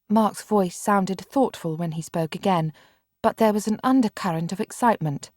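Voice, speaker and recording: A woman reading a children's audiobook in calm, measured scripted narration on a close studio mic. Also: lowish voice, dry recording.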